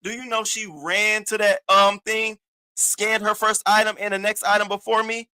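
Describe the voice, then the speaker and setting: Guy on a livestream going off, high bright voice, cussing a lot, acting out the other voices. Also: moderate pace, clear, resonant tone. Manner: profane, animated storytelling; acts out the other voices in his stories. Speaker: host of an online news show. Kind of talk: casual livestream rant.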